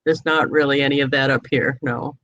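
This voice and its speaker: A woman's voice: very deep voice, fairly even intonation, brisk, a bit bright, no room sound, dull audio. A woman from New England hosting a casual video chat, telling anecdotes and laughing often. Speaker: host.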